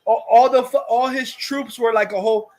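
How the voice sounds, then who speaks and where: A man's voice: extremely high pitch, steady tone, moderate pace. A man hosting a livestream, ranting crudely and rambling about movies, laughing often. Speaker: streamer host. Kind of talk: casual livestream rant.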